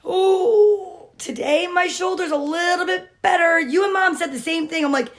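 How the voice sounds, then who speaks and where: A woman with an extremely high-pitched voice, speaking at normal speed, hosts a cheerful daily kids' livestream from a room at home during quarantine. She chats casually and greets viewers by name.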